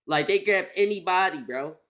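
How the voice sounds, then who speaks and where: Here a young streamer with a high voice, talking at normal speed, shares a casual story. His delivery is animated and full of profanity, packed with rhetorical questions and repeated lines for emphasis.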